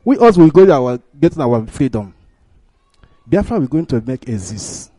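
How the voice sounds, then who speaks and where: Brief: Nigerian-accented male caller, mellow low voice, earnest, dry sound. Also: sing-song, normal speed, no room sound. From Imo State, Nigeria. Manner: earnest, speaks broken English with emphasis rising.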